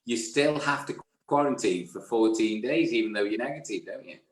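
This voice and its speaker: A man's voice: mid-range voice, moderate pace. Host man in a roomy space. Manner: friendly, stammers and restarts. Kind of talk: casual chat.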